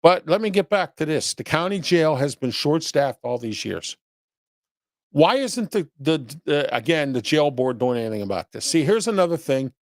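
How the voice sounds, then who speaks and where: A man's voice: a little high, expressive, moderate pace, no room sound, clean studio sound. A man hosting his own commentary show, scolding his audience bluntly with rhetorical questions and repeated "okay?", often rambling. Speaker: host of a local commentary show. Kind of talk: opinion commentary, reading viewer chat.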